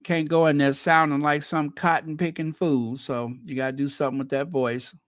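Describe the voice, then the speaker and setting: A man's voice: fairly high pitch, fairly even intonation, normal speed, no room sound, studio quality. A man from the United States hosting a channel, giving chatty, teasing commentary on news clips with laughing asides. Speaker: channel host.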